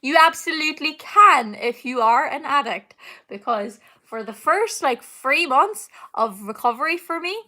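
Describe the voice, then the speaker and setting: Bright, chatty young woman. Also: high voice, lively intonation, unhurried. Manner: chatty, rambling, laughs often, many fillers. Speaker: singer hosting a live Q&A. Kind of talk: casual live-stream chat answering comments. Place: home, indoors.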